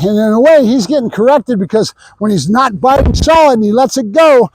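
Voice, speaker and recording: High-voiced dog trainer explaining outdoors. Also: male voice, animated, brisk, a little mellow, slight background noise, rough recording. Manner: praises dog in high sing-song bursts, explains plainly. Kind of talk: casual training demonstration.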